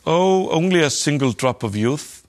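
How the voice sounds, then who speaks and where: A man's voice: fairly high pitch, expressive, unhurried. A man reading as a sly, greedy space trader. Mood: smug. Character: smooth-talking greedy male space trader.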